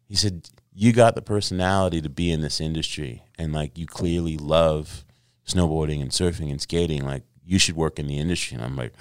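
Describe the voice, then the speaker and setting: A middle-aged man, a podcast guest, telling stories in a casual interview, animated and profane, acting out the voices of people he quotes. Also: a bass voice, normal speed, clean tone, no room sound, clean studio sound.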